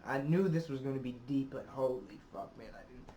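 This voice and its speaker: A man hosting a casual reaction video, choked up and emotional, talking haltingly between heavy sighing exhales and swearing. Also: mid-range voice, mellow, a little hiss or hum. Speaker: YouTube reaction host. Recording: roomy echo.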